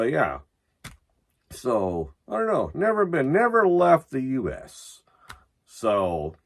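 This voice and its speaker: Drunk rambling man with a husky voice. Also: mid-range voice. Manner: rambling, loose, swearing, restarts often. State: drunk and high. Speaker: metal vlogger. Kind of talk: rambling casual vlog.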